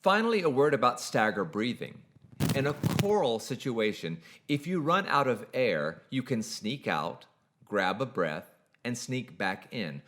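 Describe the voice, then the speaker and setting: Man with a lively, rising-falling delivery. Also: medium pitch, noisy background. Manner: measured, precise, explanatory. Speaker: singing teacher. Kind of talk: scripted instructional narration.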